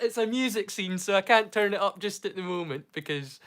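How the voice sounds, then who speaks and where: A man's voice: high voice, fairly quick, hardly any pauses, clear, resonant tone. A man hosting a casual livestream, talking in hesitant bursts full of fillers and restarts, with a mild stammer he keeps hidden. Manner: excitable, animated bursts. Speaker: livestream host.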